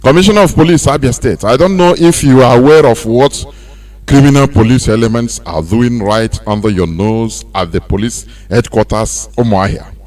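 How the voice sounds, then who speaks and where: A Nigerian man hosting a radio talk show, speaking in a loose, animated monologue that mixes in pidgin. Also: mid-range voice, moderate pace. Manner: animated, mixing pidgin and laughing asides. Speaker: radio host.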